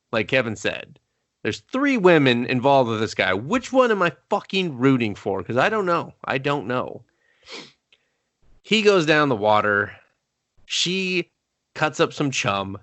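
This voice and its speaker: A man co-hosting a casual movie review podcast, talking in an animated way, swearing freely and laughing often. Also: mid-range voice, dry recording. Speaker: podcast co-host.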